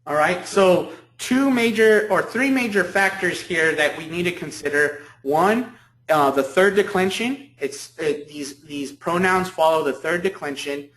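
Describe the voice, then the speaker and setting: A man's voice: high voice, a little slow, fairly bright tone. Echoey lecturing male professor. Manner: repeats key points, asks "okay?" often. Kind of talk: university lecture. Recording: echoey room.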